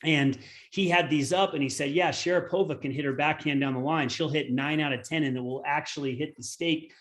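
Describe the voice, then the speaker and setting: A man's voice: a little high, fairly even intonation, fairly quick, a bit bright. A man in his forties, a former pro turned tennis coach, telling a long story in a webinar with many fillers. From United States. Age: 40s.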